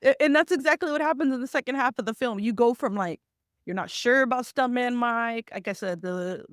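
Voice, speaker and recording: A woman's voice: on the high side, brisk, no echo, clean studio sound. A woman hosting a podcast, chatting casually and animatedly, laughing as she talks. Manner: animated, laughs while talking. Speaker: podcast host.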